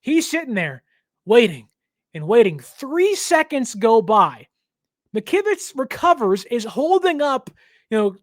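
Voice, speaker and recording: A man hosting a team show, giving a casual, jokey, animated breakdown of a football game. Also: extremely high pitch, measured pace, no echo, studio quality. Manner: animated, jokey, lots of fillers. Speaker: team podcast host.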